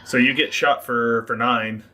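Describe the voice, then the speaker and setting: A man acting as game master, narrating a tabletop game and explaining rules with relaxed fillers. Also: mid-range voice, unhurried.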